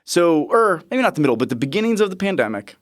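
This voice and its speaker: Guy in his 30s telling a work story on his podcast, kinda high voice, chuckles a lot. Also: fast. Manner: lively, chuckling, animated retelling. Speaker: podcast host, nurse. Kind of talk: casual storytelling.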